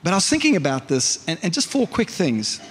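A man's voice: sits high, huge pitch swings, fairly quick, fairly bright tone, slightly rough. A male pastor preaching a conversational sermon in church, often asking the congregation questions. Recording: reverberant church hall.

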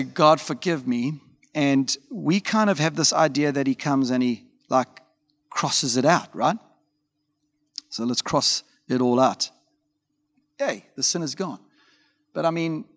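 Pastor preaching in a reverberant hall. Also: male voice, mid-range voice. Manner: informal storytelling with frequent fillers and asides. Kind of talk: conversational sermon.

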